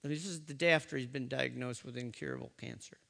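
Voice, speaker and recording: A man telling a personal story, speaking haltingly with fillers and restarts. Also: mid-range voice, creaky, bright, forceful tone. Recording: long hall reverb.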